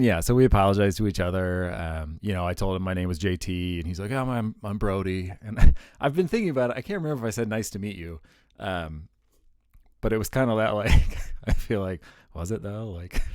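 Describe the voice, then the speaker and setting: A man's voice: fairly low pitch, no room sound, studio quality. A man telling a personal story to the camera in a casual, rambling way, full of fillers and sheepish little laughs. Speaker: vlogger.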